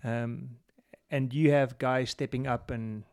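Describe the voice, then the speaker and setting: A man hosting a podcast, asking questions and encouraging his guest with steady murmurs of agreement. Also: medium pitch, slow, clean tone. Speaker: podcast host. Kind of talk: interview questions, casual conversation.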